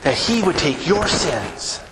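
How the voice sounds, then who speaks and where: A man's voice: a little high, big pitch swings, slow pace. A man preaching as a pastor, telling a story conversationally and acting out both sides of the dialogue. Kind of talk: sermon storytelling. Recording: echoey hall with background noise.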